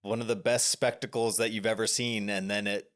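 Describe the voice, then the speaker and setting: Low-voiced guy on a movie podcast, rambles and restarts a lot explaining scenes. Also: level tone, brisk, fairly bright tone. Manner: explains at length with many restarts and fillers. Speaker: podcast co-host. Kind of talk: casual film discussion.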